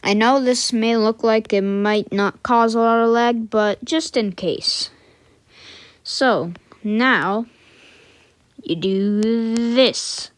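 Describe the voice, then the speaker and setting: Slow-talking casual woman tutorial maker. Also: fairly high pitch, no echo. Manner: unhurried, thinking aloud with fillers and self-corrections; mutters quiet asides to herself. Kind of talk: casual screen-recorded coding tutorial.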